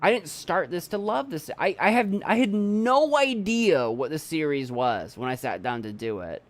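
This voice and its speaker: A man's voice: on the high side, very animated, moderate pace, no room sound. A young man streaming from his desk at home, chatting casually in a rambling, self-doubting way and repeating himself. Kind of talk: casual live-stream chat.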